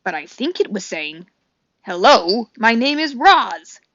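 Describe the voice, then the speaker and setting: A fussy, alarmed male owl, as a woman reading a storybook puts him on, hooting and screeching loudly. The recording is dull and dry. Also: on the high side, big pitch swings, slow, dry recording, exaggerated voice. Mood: puzzled.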